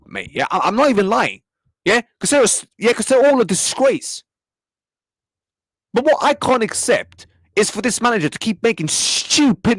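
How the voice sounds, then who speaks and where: This football fan channel host's voice sits high and husky, captured in a dry, low-quality recording. He rants in a heated match reaction, exasperated and slangy, repeating himself while talking to his viewers.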